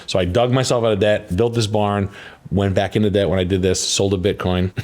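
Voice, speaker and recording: A man's voice: lowish voice, steady tone, normal speed, a little mellow. A man as an interview guest, telling rambling, profane stories full of "like" and acted-out quotes. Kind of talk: casual storytelling interview.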